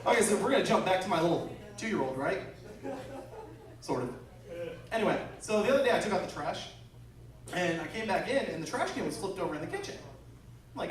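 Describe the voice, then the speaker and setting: A young male comedian doing stand-up with a high, very lively voice. He tells stories animatedly and acts out the voices. He is heard from a distance in an echoey club with crowd laughter. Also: fast, long pauses.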